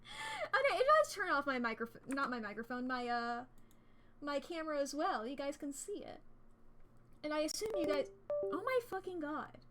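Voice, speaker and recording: A woman streaming a game, chatting casually and excitably, swearing freely and rambling as she plays at a home desk setup. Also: high-pitched, moderate pace, background noise. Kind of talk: casual gameplay commentary.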